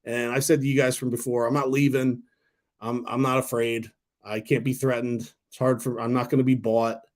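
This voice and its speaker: A man in his thirties hosting a casual stock talk livestream, rambling and excitable, swearing freely. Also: medium pitch, moderate pace. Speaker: stock talk channel host.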